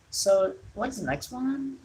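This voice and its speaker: A woman's voice: on the high side, a little mellow, a little hiss or hum, rough recording. A woman from Indonesia, an English speaker, hosting a casual solo wrestling talk show from home and rambling with frequent self-corrections. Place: home during rain.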